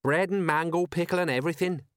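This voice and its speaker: A man's voice: a little high, lively intonation, normal speed, fairly bright tone, dry recording, studio quality, voice pushed up. Guy doing a dim cheery sergeant, talks plain and common, audiobook. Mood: chatty plodding. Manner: homely, working-class, chatty. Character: slow-witted cheerful middle-aged male sergeant.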